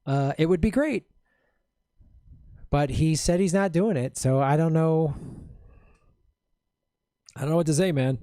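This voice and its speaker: Dry-sounding laughing comedian host. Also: male voice, fairly high pitch, a little slow, long pauses, dark tone, dry recording. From Madison, Wisconsin, US Midwest. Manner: laughs often, reads comments aloud and riffs jokingly. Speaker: comedian host reading viewer questions. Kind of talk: casual livestream chat.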